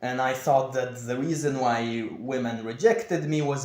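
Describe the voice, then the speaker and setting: A young man talking in a confessional vlog, with a monotone, over-enunciated delivery. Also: mid-range voice, unhurried, hardly any pauses. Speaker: vlogger. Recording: echoey room.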